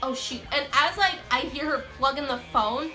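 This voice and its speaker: A young woman telling a storytime vlog in an animated, excitable, self-mocking way. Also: sits high, moderate pace, roomy sound, music in the background. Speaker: vlogger.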